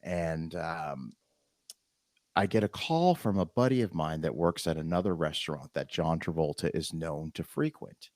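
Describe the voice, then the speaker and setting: A man, a podcast host and film historian, telling an animated story in a casual interview and acting out the voices he quotes. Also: very deep voice, normal speed, no room sound, studio quality.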